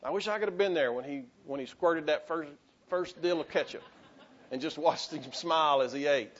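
A man's voice: fairly high pitch, moderate pace, lo-fi sound. A man, a pastor delivering an impassioned sermon full of restarts and calls to the congregation. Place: church sanctuary.

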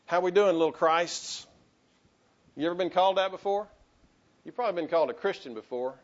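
A man's voice: high-pitched, fairly quick, dull audio. A man, a pastor delivering an impassioned sermon full of restarts and calls to the congregation. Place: church sanctuary.

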